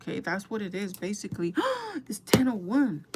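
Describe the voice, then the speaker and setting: A woman's voice: medium pitch, normal speed, a little mellow, breathy edge. A young woman chatting casually to her viewers while doing her makeup, gossipy and talkative, calling them girl and guys. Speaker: beauty vlogger.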